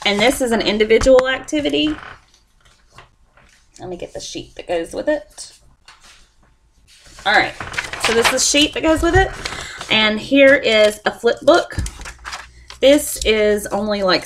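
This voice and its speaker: A woman's voice: medium pitch, a little hiss or hum. A young woman demonstrates a lesson plan step by step, often apologizing as she goes. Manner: apologetic, chatty, explains step by step. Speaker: student teacher presenting a lesson plan.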